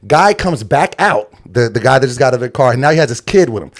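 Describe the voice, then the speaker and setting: A man's voice: mid-range voice, animated, fast. A young adult man telling a story in casual podcast chat, acting out quotes and laughing often. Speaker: podcast co-host.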